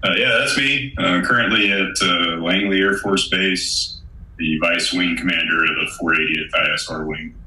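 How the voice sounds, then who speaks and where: A middle-aged man, an Air Force colonel and author, talking calmly in a deep, monotone, professorial voice during an interview. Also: echoey room, rough recording. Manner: calm, unhurried, self-described monotone professor voice. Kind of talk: casual interview talk.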